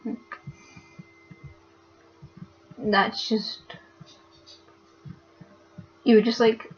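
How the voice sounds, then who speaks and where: A young woman, speaking haltingly and with many fillers as she talks upset into her camera for a vlog. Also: a little high, level tone. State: upset and hurt. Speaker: vlogger. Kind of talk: casual confessional vlog. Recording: dull lo-fi webcam audio.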